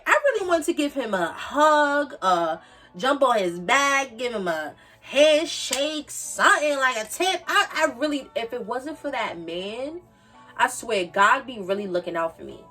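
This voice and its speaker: A woman in her twenties from the Bronx, New York, with a New York accent, telling a storytime tale in an animated, emphatic way and repeating her points. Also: on the high side, far from the mic. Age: 20s. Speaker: vlogger. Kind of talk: casual storytime monologue.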